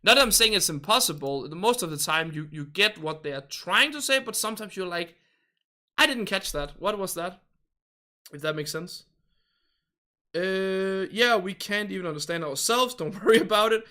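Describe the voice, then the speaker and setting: Young man, casual livestream chat, rambling and hesitant, slightly high pitch, bright forceful tone. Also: expressive, normal speed. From Denmark. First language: Danish. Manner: rambling, hesitant, polite hedging. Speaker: game livestreamer.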